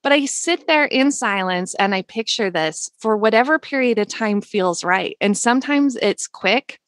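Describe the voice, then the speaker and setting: A woman's voice: on the high side, animated, normal speed, no room sound. A woman hosting a spiritual podcast, talking earnestly and emotionally, with many casual fillers. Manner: earnest, emotional, soft-spoken with frequent "like" fillers. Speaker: podcast host.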